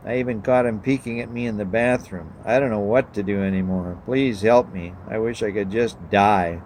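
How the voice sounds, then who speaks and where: A man's voice: on the low side, normal speed, darkish tone, a little hiss or hum, close to an everyday voice. A man voicing a despairing teenage girl Mert. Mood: pleading. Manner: pleading, despairing. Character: miserable teenage girl, self-pitying and despairing.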